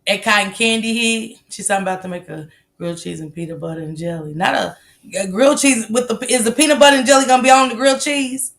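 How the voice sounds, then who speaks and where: A woman's voice: fairly high pitch, quick pace, vocal fry, a bit bright. A woman, chatting casually with her live-stream viewers, talking loosely, swearing freely and laughing often. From American South. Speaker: livestream host. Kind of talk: casual live-stream chat reading comments.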